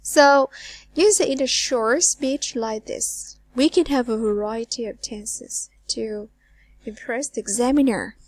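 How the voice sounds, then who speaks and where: A woman teaching an English lesson, asking learners questions and repeating words slowly, with phrase ends trailing to a near whisper. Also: fairly high pitch, no room sound. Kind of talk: recorded online lesson.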